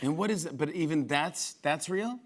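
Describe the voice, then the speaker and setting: A man's voice: a little high, moderate pace. Enthusiastic male talk show host. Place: TV studio.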